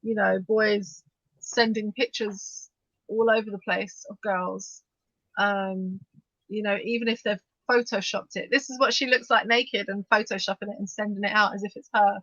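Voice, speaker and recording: A woman co-hosting a podcast, talking fast and animatedly in bursts, with frequent restarts as she discusses the news. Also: medium pitch, fairly even intonation, pushed and bright, dry recording. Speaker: podcast co-host. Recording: dull, dry lo-fi sound.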